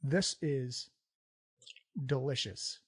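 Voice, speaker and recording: A man voicing a polite, formally dressed fire-skinned gentleman on a brunch date, courteous and a bit awkward. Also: mid-range voice, extremely slow, breathy edge.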